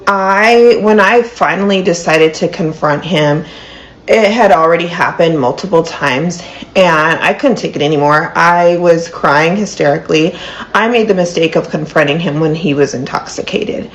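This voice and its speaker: A woman's voice: fairly low pitch, normal speed, poor audio. A woman in her thirties telling a personal story to camera, earnest and full of "like" and "um". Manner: earnest, many fillers like "like" and "um". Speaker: storyteller in a played clip.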